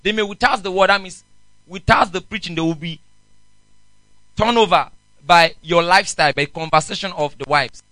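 A man, a pastor preaching a sermon in an animated way and often asking the congregation questions. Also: sits high, normal speed, long pauses, no room sound, rough recording.

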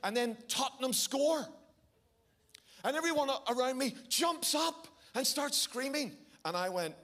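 High-voiced Belfast preacher. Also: male voice, a little slow. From Northern Ireland. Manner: animated storyteller, varies pace for emphasis. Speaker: pastor. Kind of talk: sermon with storytelling.

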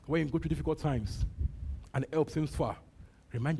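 A man's voice: on the high side, moderate pace, gravelly, dark tone, a little hiss or hum. A man with a Nigerian accent preaching a sermon, repeating short phrases and breaking into frequent hallelujahs. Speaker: pastor.

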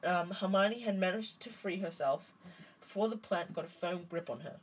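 A woman's voice: on the low side, normal speed, slightly rough, rough recording. A woman reading a storybook aloud in an unpolished way, stumbling and restarting often. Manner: unpolished, frequent restarts and ums.

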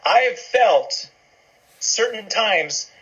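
A man chatting casually as host, relaxed and reactive. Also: high voice, extremely slow, husky, muffled recording. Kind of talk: casual chat.

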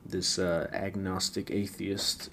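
A man's voice: sits low, level tone, slow, fairly bright tone, a little hiss or hum. A man hosting a late-night solo podcast, rambling wryly with frequent stammered restarts. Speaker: podcast host.

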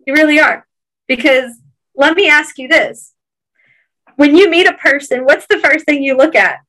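A woman's voice: high-pitched, moderate pace, fairly bright tone, low-quality recording. A woman with a Georgia Southern accent, earnestly encouraging listeners in a casual podcast chat.

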